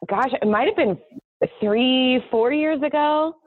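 A chatty woman tells a story as a guest on an interview, laughing often and talking quickly. Her voice comes through a thin, tinny phone line. The sound is dry, with no room around it. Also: high-pitched, dry recording. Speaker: guest, owner of a kids baking party business. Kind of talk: casual interview chat. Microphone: phone call.

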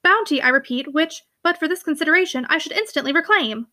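A woman's voice: high-pitched, animated, fast, pushed and bright. A woman reading the part of a spirited young heiress who answers with cutting, emphatic scorn.

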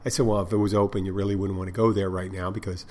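A man's voice: sits low, level tone, racing, darkish tone. A man who tends bar and hosts a podcast, telling stories in a rambling, profane, casual monologue with many restarts. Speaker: bartender and podcast host.

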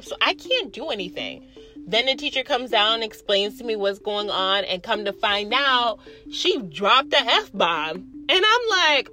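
A woman's voice: medium pitch, sharp tone. A young woman, a teacher, telling stories in a casual vlog, swearing freely and acting out other people's voices.

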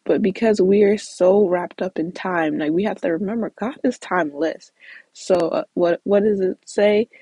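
Chatty woman reading scripture and explaining it, husky voice, dry close sound. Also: mid-range voice, normal speed, dark tone, no room sound, rough recording. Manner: conversational, with frequent "like" and small restarts. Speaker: Bible study leader. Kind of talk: casual Bible teaching.

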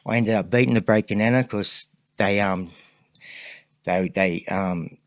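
A man's voice: on the low side, measured pace, no echo. A man with an Australian accent, a podcast guest telling a long story in a rambling way, full of fillers. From Sydney, Australia. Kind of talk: casual storytelling interview.

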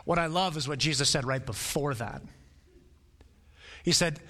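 A man's voice: on the high side, normal speed, pauses often, bright, forceful tone, in a large hall. A man preaching a sermon in a conversational way, acting out the quotes he reads. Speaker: pastor.

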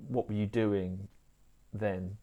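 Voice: low-pitched, steady tone, slow, dark tone, dull audio. An interviewer who asks questions and gives short encouraging responses. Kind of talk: interview conversation.

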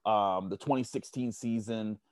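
A man with a low voice tells stories in a casual interview, circling back and restarting his sentences. The sound is dry and close to the mic, with no room around it. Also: moderate pace, no echo. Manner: rambling, many restarts and fillers. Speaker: sports media guest.

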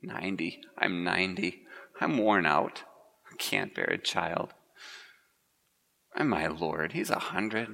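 Tired doubting old woman read by a male pastor, low and soft, church echo. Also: sing-song, slow pace, gravelly, long pauses, heavily acted. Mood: weary disbelief. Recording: long church reverb.

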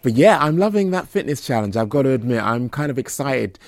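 A man's voice: medium pitch, big pitch swings, brisk, no echo. A man co-hosting a podcast in casual chat, easygoing and supportive as he chimes in. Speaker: podcast co-host.

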